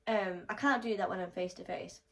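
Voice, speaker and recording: A young woman telling a storytime vlog, animated and swearing freely as she acts out the quotes. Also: mid-range voice, a little fast, low-quality recording.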